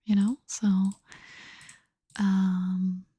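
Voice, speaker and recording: Tired woman whispering in a breathy hush. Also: medium pitch, level tone, extremely slow, no room sound. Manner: drowsy, chatty, switching between two languages. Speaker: ASMR streamer. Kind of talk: whispered ASMR livestream chat.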